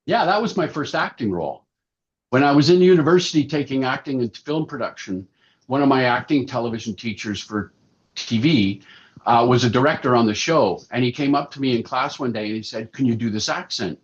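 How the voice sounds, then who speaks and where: A man in his sixties, a puppeteer and actor, chatting through animated anecdotes as a podcast guest. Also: medium pitch, a little fast. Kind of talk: casual interview storytelling. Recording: slightly dull lo-fi sound.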